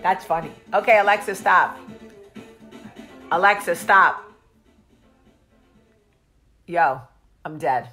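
A woman's voice: on the low side, slow, pauses often, bright, forceful tone, soft background music. A woman, chatting casually and profanely as a vlog host. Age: 40s. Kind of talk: casual chat.

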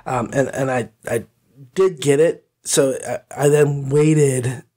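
On his audiobook review podcast, a man rambles goofily in casual chat and hums bits of pretend music. He speaks slowly in a dark, medium-pitched voice with fairly even intonation.

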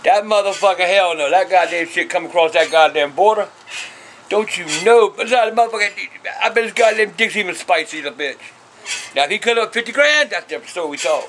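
Foul-mouthed older man, high bright voice. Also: lively intonation, brisk, a little hiss or hum. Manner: profane and blunt, peppered with curses. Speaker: show host answering viewer questions. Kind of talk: casual talk to camera.

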